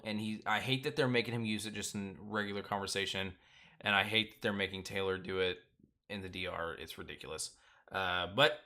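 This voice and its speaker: The host of a reality TV recap channel chats casually about an episode on his own show. His voice sits on the low side with a sharp tone, and he talks loosely, packing in filler words and strong opinions.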